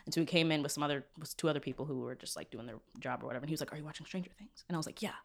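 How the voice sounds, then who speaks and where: A young woman co-hosting a casual chat, telling animated stories and quoting people in voices. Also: low voice, rapid-fire, vocal fry. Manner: animated storyteller, quotes people in voices, drops soft asides.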